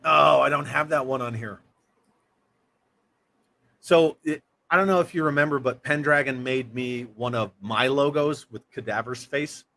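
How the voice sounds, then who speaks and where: A man's voice: medium pitch, normal speed, vocal fry, pushed and bright. Guy hosting a chill livestream, reads out the chat, jokes around, normal mid voice. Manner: chatty, reads viewer comments aloud and jokes around. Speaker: livestream host.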